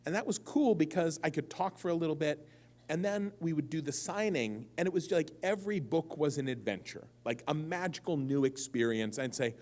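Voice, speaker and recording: A man's voice: fairly high pitch, lively intonation, brisk, a little mellow. A man answering audience questions on a convention stage, telling rambling, self-mocking stories that keep wandering off track. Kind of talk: live convention Q&A storytelling.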